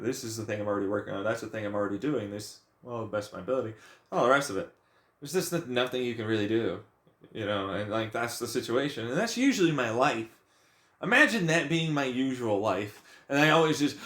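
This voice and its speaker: A young man rants about his frustrations in a profane, agitated, rambling way, his voice sitting at an ordinary pitch. The recording has a noticeably roomy echo around him. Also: expressive, brisk, fairly bright tone. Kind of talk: venting personal rant. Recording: echoey room.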